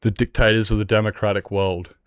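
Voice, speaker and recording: A man's voice: lowish voice, little pitch movement, brisk, smooth, no echo. An Australian man streaming a game and ranting, heated and sweary, jumping between points. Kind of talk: live-stream rant while gaming.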